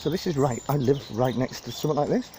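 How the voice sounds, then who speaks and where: A man with a medium-pitched voice talks fast and animatedly as he narrates a casual walking tour of a city park into a phone he holds while walking. He rambles, chats, and laughs at his own jokes, with background noise behind him.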